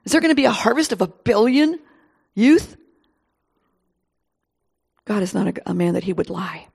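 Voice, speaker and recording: A woman preaching a sermon to her congregation, retelling scripture with animated exclamations and acted-out voices. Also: mid-range voice, normal speed, gravelly, husky.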